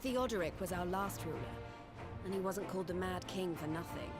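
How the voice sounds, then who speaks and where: A woman playing a young rebel leader, frank and hearty, game dialogue, music playing clearly behind her. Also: fairly low pitch, brisk, natural voice. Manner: plainspoken, hearty.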